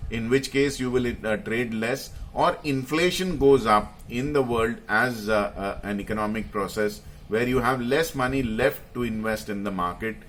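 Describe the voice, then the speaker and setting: A man's voice: medium pitch, fairly bright tone, slight background noise. A man explaining investing to viewers, hesitating often with fillers and stressing key phrases. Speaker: market commentator.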